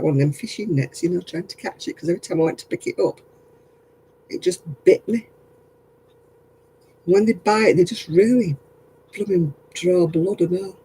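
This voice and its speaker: A man's voice: high-pitched, mellow, husky, rough recording. A tired man, chatting casually with livestream viewers as he crafts, rambling and often laughing. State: tired, yawning.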